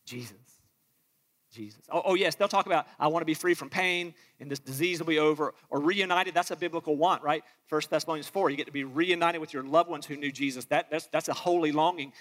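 A man's voice: on the high side, steady tone, fast talker, hardly any pauses, fairly bright tone. A man preaching a sermon with passion, reading scripture aloud and acting out the voices he quotes. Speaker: pastor. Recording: long reverb of a large hall.

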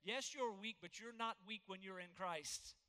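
Bright-voiced preacher in a reverberant hall. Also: male voice, sits high, normal speed, clear, resonant tone. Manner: earnest, emphatic preaching with scripture reading. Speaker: pastor. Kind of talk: sermon.

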